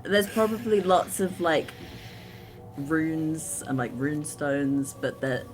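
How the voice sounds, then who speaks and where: A woman's voice: low-pitched, expressive, slow pace, soft background music, low-quality recording. A woman playing a tabletop game, hesitant and listing things with many ums. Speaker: player. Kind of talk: tabletop role-play, casual chat.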